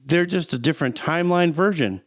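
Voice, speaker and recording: A man co-hosting a casual podcast, explaining things patiently with halting restarts. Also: a little high. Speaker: podcast co-host. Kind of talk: casual chat.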